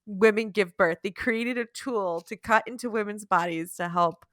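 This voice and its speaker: A giggly woman co-hosts a chatty podcast and laughs her way through her own stories. Her voice is bright and forward, and the sound is close and dry with no room around it. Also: mid-range voice, normal speed, no room sound. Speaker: podcast co-host. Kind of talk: casual chat.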